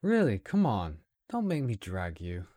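A man's voice: lowish voice, wildly swooping pitch, unhurried, warm tone, dry recording, heavily acted. A man voicing a young male soldier who is a loyal, worried friend, urging and coaxing. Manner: urgent, coaxing.

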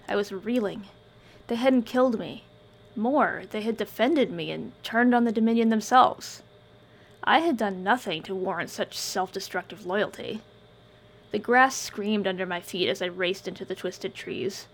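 A woman reading first-person scripted fiction in a measured, subdued way. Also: mid-range voice. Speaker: audiobook narrator.

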